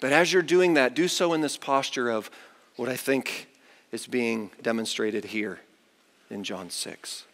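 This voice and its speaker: A pastor preaching a chapel sermon, telling a story with big swings between loud, high bursts and quiet, low asides. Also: male voice, a little slow. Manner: animated storyteller with wide swings in pitch and loudness. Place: large university chapel. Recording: long reverb of a large hall.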